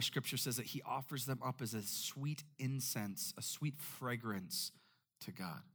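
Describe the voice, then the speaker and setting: A man preaching a sermon in an animated way, often repeating words when making a point. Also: medium pitch. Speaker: pastor.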